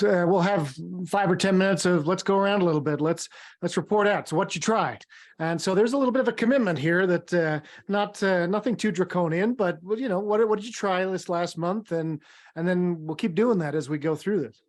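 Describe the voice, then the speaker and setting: A man's voice: sits high, fairly quick. A man co-leading a leadership training on a video call, encouraging and easy to laugh.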